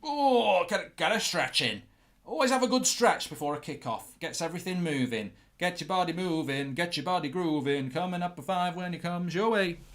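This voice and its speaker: Bantering football watchalong host. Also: male voice, high-pitched, lively intonation, fairly quick, hardly any pauses. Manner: banter-filled, teasing, chatty with stammered restarts. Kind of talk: live football watchalong commentary.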